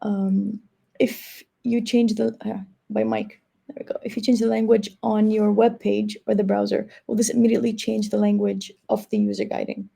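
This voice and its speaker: A woman's voice: mid-range voice, animated, moderate pace, vocal fry, dark tone, slightly rough. A woman moderating a live webinar over a video call, reading audience questions in a casual way, full of "like" and "you know". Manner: casual, filler-heavy, says 'like' and 'you know'.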